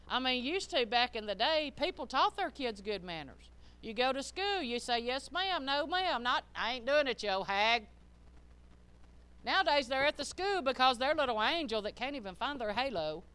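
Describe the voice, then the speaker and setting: An older woman preaching a sermon, emphatic and folksy, swinging between loud and hushed. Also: mid-range voice, smooth.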